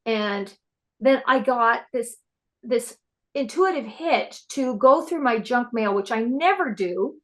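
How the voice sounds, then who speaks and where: A woman guest on a podcast, telling personal stories in an excitable, animated way. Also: on the high side, slow pace. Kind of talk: casual spiritual interview chat.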